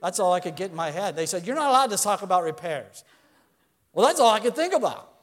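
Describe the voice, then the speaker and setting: Man, middle-aged, high voice, preaching, earnest, conversational, rhetorical questions. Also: very animated, fast talker. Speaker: pastor. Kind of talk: sermon.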